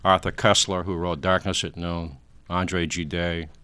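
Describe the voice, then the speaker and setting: Man, 60s, very low pitch, rambling, lecturing, trails off mid-sentence, talk show guest. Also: level tone, measured pace, sharp tone, smooth. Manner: frequent fillers, trailing off.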